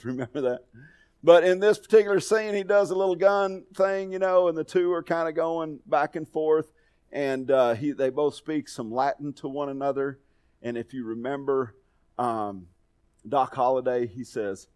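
A man's voice: mid-range voice, normal speed, a little mellow, clean tone. A middle-aged man preaching a sermon, telling folksy personal stories in a conversational way. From Texas. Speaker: pastor.

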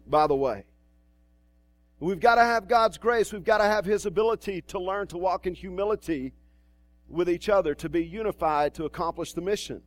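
A man's voice: high-pitched, no room sound. A male pastor preaching a sermon in a church, in a conversational way with asides and restarts.

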